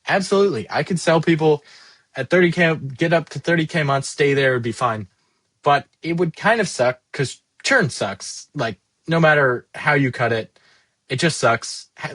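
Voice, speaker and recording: A man in his twenties vents in a candid, rambling monologue, swearing freely and putting himself down. His voice sits in an ordinary middle pitch. The room is dry, with no echo. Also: fairly bright tone. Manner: rambling, profane, self-deprecating. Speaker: SaaS founder vlogging.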